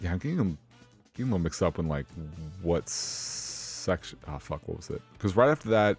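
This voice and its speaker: Man, low voice, casual podcast chat, animated, swears a lot, faint music behind. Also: brisk, breathy edge. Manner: animated, profane, restarts a lot. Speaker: podcast co-host.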